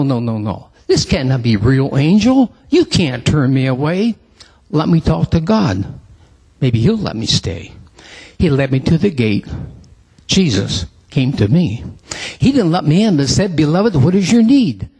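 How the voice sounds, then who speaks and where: A man reciting a dramatic religious poem in church, emotional and pleading, with a husky voice. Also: medium pitch, big pitch swings, unhurried, a little mellow. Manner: emotional, pleading, rising to cries.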